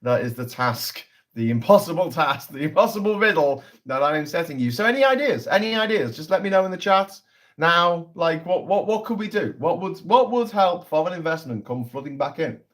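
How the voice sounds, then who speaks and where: A man's voice: a little high, expressive, moderate pace, a bit bright. A man hosting a casual political livestream, talking in a sarcastic, sweary, rambling way.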